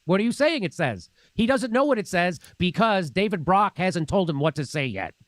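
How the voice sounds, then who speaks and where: A man's voice: high voice, sing-song, normal speed, no echo. A man hosting a political commentary show, talking in a sarcastic, combative way. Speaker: show host.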